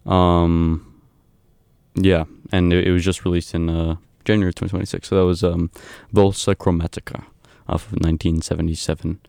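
Low, flat-voiced man with a halting delivery. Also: vocal fry, clear, resonant tone, no room sound, studio quality. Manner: halting, many ums and uhs. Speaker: radio DJ. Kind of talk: casual radio back-announcing.

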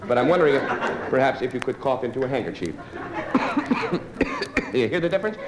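This stand-up comedian works a live audience in a dry, wry style broken up by hesitant fillers. His medium-pitched voice is animated and very fast. The recording from the stage is noisy.

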